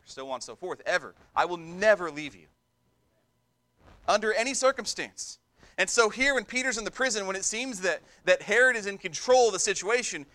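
High, bright-voiced preacher man. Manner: emphatic preaching, repeats words for stress. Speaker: pastor. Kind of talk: sermon.

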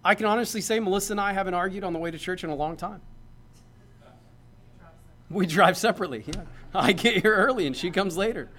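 A man's voice: high voice, fast talker, long pauses, a bit bright. A man, a pastor, preaching a sermon in a conversational, joking way that builds to emphatic points.

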